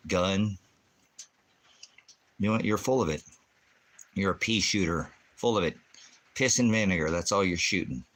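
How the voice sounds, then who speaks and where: Low-voiced, profane livestream preacher man. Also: normal speed, pauses often, a bit bright. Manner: profane, insulting, mocking; jumps between jokes and scripture talk. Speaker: livestream ministry host. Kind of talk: livestream rant answering chat.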